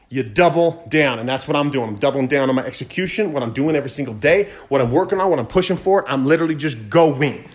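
A man hosting a podcast, fast-talking and fired up, giving a motivational monologue and repeating phrases for emphasis. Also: mid-range voice, expressive. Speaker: podcast host.

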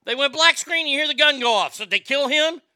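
A man's voice: extremely high pitch, expressive, a little fast, sharp tone, no room sound, studio quality. A man hosting a live stream, chatting casually, ranting with profanity and reading viewer comments aloud.

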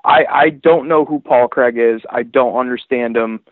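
A man hosting a casual chat about fights, animated and profane, rambling through asides. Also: mid-range voice, normal speed, dry recording. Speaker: podcast host. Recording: tinny phone-like dry sound.

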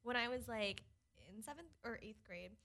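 A woman's voice: fairly high pitch, animated, moderate pace, creaky, bright, forceful tone. A young woman chatting on a podcast, giggly and saying "like" all the time. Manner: giggly, says "like" constantly. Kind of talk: casual podcast chat.

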